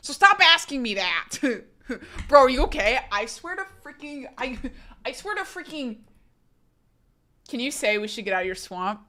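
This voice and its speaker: Giggly high-voiced woman streamer. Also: sing-song, a little slow, long pauses. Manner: giggly, chaotic, loud outbursts. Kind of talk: casual live-stream chat.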